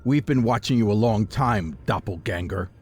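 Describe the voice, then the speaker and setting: A man's voice: lively intonation, normal speed, darkish tone, slightly rough, faint music behind. A man voicing a smug, scheming male halfling bounty hunter who gloats over his captive, in an audiobook. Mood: gloating. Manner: smug, gloating, deeper than the narration.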